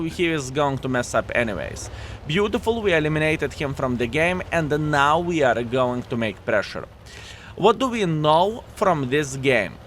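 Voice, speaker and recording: A man's voice: medium pitch, a bit bright, a little hiss or hum. A man commentating his own tank game, chatty and jokey, speaking to his viewers as fellas, with a non-native English manner. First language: Lithuanian. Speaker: gameplay commentator.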